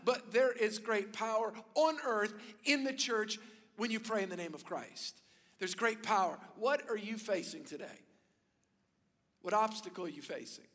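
A man preaches a sermon in a fairly high voice, animated as he tells stories and leans into emphatic points. His voice rings with the long reverb of a large hall. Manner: animated storytelling, rising to emphatic peaks. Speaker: pastor.

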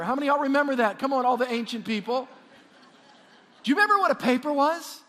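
A man preaching a sermon, lively and repetitive, calling on the congregation to answer back. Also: very high voice, a little fast, in a large hall. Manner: animated, repeats words, calls on congregation to respond. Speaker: pastor.

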